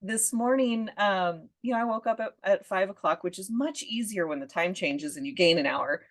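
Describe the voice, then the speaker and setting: A woman's voice: medium pitch, moderate pace. A woman hosting a coaching podcast, asking questions and chatting with a laugh. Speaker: podcast host and parenting coach. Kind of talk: conversational interview.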